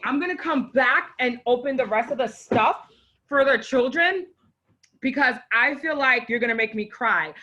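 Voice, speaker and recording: A woman hosts her own live online show with a bright, fairly high voice. She gushes and exclaims, emotional and close to crying as she talks to her viewers and brings on a guest. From Haitian parents. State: on the verge of tears. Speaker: host.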